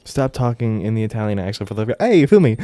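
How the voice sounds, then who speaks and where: Fast, sarcastic gaming man. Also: on the low side, sing-song, warm tone, no echo. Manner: quick, sarcastic, swearing, laughing asides. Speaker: let's play host. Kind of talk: casual gaming commentary, reading narration aloud.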